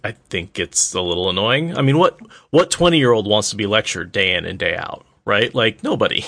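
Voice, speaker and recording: A man with a gravelly, fry-laden voice and a bright, forceful tone talks about a book in a relaxed way. He speaks over a phone, and his voice sounds dry and close. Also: fairly low pitch, fairly quick, no room sound. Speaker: podcast co-host. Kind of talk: casual book discussion.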